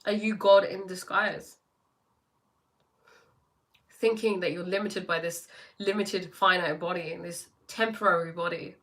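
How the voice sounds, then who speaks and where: With a steady tone, measured pace and long pauses, this life coach hosts a livestream in a lowish, slightly bright voice. She reads viewer comments and responds casually, reflecting and questioning in spiritual terms.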